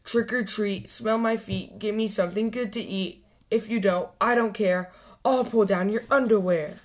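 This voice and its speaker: A woman voicing an excitable young boy frog in a children's storybook reading, bursting with ideas. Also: medium pitch, normal speed, lightly acted. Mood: playful chant. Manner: eager, bouncy, blurting ideas.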